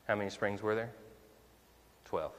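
A man's voice: on the low side, unhurried, a bit bright, big-room sound. A male minister preaching a conversational sermon, full of rhetorical questions to the congregation.

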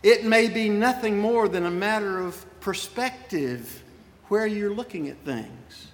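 Preaching from a church sanctuary, the middle-aged pastor spins personal stories in a folksy style, pausing for asides to the congregation. His high voice has lively intonation and moves a little slowly. The big room adds a long reverb.

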